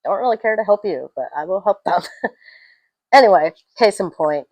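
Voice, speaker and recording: A young adult woman giving a casual, rambling film review, telling stories with animated swings and tangents. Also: mid-range voice, moderate pace, no echo, low-quality recording.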